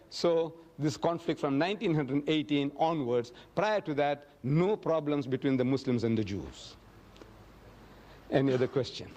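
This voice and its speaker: A man lecturing in a fairly high voice, answering questions from the floor. He tells his stories emphatically, raising his voice to act out the quotes. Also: animated, moderate pace, a little mellow. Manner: emphatic, storytelling, acts out quotes with a raised voice. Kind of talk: public lecture Q&A. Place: lecture hall.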